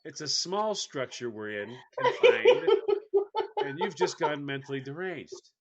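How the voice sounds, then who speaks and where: A man's voice: a little high, huge pitch swings, a little slow, dull audio, a crowd in the background. A man comically retelling an exasperating story, laughing as he talks with mock bewilderment. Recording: audience noise behind.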